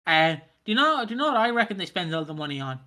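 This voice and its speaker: A man's voice: high-pitched, sing-song, fast talker, pushed and bright. A man hosting a casual podcast chat, jokey and rambling, swearing now and then. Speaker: podcast host.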